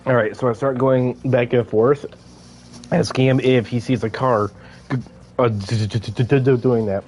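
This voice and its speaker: A man's voice: mid-range voice, fairly even intonation, moderate pace, darkish tone, a little hiss or hum. A young man casually telling a story while gaming, stuttering and repeating sounds, laughing as he goes.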